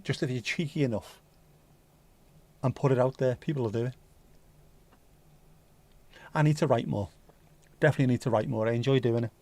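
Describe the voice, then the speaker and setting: A man's voice: medium pitch, vocal fry, a little mellow, no room sound. A man with a mild Scouse accent hosting a casual livestream chat, joking and rambling cheekily. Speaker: livestream host.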